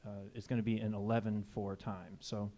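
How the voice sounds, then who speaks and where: Male jazz player, stage banter, low flat voice, easygoing and rambling. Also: moderate pace. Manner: relaxed, rambling with fillers. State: slightly out of breath. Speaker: jazz musician. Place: music venue stage.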